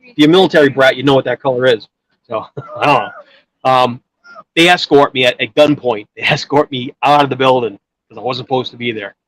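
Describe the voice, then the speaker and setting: A man's voice: medium pitch, brisk, fairly bright tone, no echo, poor audio. A man telling a long personal story in casual chat, rambling with many restarts and filler words. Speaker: guest storyteller.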